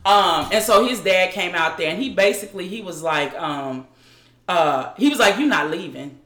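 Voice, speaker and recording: A woman, as an interview guest, recounting a personal story in a halting way with frequent restarts. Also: on the low side, animated, a bit bright, echoey room.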